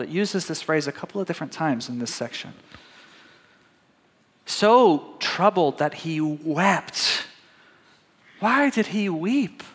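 A man's voice: sits high, long reverb tail. A man preaching a sermon, reading scripture aloud and talking it through conversationally with his congregation. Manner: conversational, addresses congregation as "guys". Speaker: pastor.

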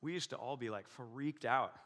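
A middle-aged man preaching to his congregation, telling a personal story in an animated way and acting out the voices he quotes. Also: medium pitch, normal speed, in a large hall. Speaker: pastor.

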